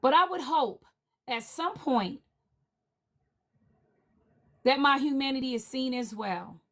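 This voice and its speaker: A woman speaking on a livestream panel in a heated, indignant rant, repeating her demands forcefully. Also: sits high, animated, slow pace.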